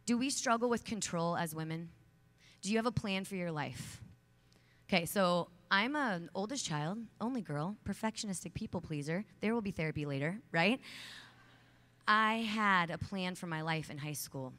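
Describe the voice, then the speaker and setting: A woman in her thirties, her voice slightly low, animated, and a bit bright, speaks earnestly and emphatically from a large conference stage. It's a motivational talk to young women, and when she tells stories she slips into a casual, chatty style heavy with "like," fillers, and quick asides.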